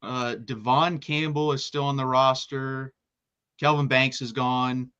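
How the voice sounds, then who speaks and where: A man co-hosting a college football talk show, chatting casually in an excitable, rapid-fire way and often restarting his sentences. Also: medium pitch, clear, resonant tone, muffled recording. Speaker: college football podcast co-host. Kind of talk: casual sports chat.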